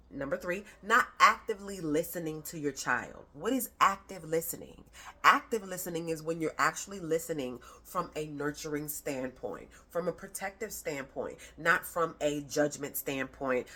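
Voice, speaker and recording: A woman's voice: sits low, moderate pace, pushed and bright. A woman parenting coach giving a casual, conversational talk to camera, emphatic and slangy, with playful rhyming asides.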